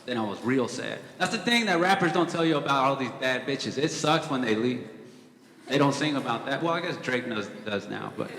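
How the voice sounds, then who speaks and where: A man's voice: medium pitch, expressive, a little fast, fairly bright tone. A young man performing a stand-up comedy set, telling stories in a casual, profane way with dry asides. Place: comedy club stage before a live audience. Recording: echoey hall with audience laughter.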